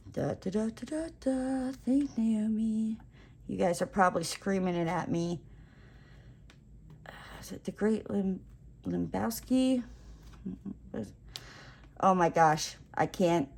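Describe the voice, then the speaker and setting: A woman craft vlogger telling a rambling, animated story while she crafts, with playful self-mocking exclamations. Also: mid-range voice.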